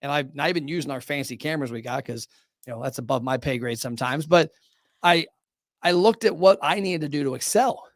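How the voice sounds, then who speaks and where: Upbeat male podcast host with a fairly high voice and a pitch-driven, motivational delivery; close, dry studio mic. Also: no echo. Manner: energetic, animated, talks in quick bursts; salesy, motivational. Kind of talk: casual podcast conversation.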